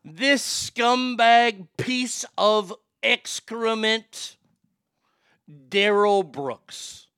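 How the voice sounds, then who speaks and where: A man's voice: high-pitched, very slow, pushed and bright, smooth, no echo, clean studio sound. A man hosting a show and ranting in blunt, profane commentary, acting out quoted exchanges. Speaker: podcast host.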